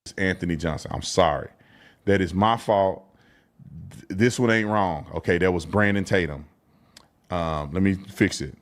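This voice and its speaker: A man's voice: deep voice, moderate pace, long pauses. A man talking casually on a stream, rambling and apologizing as he thinks aloud. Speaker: online commentator. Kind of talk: casual livestream talk.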